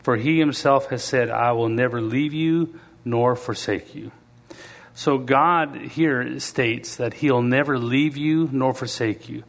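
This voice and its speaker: A man preaching a sermon in a conversational way, now and then acting out quoted voices and reading scripture slowly. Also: medium pitch, vocal fry. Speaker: pastor.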